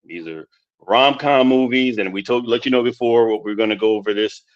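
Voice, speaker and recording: A man's voice: mid-range voice, fairly quick. A man hosting a casual movie chat who rambles, repeats words and laughs often. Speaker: podcast host. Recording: dull lo-fi sound.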